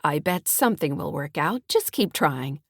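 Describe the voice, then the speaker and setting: A woman's voice: sits low, sing-song, moderate pace, no echo, studio quality, heavily acted. A woman voicing a friendly small-town escrow officer in an audiobook, chatty and earnest. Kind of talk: audiobook character reading.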